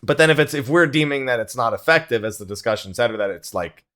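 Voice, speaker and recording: A man hosts a relaxed gaming podcast, teasing his cohosts and laughing often as he talks. His pitch swings freely up and down in an animated way, at a medium register for a man. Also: fast talker. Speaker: podcast host. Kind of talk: casual gaming podcast chat.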